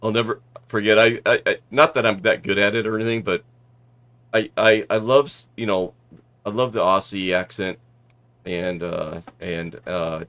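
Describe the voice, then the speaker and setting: A man's voice: lowish voice, steady tone, normal speed, a bit bright. A man from Southern California chatting casually while streaming a flight simulator, making radio calls and rambling with many restarts.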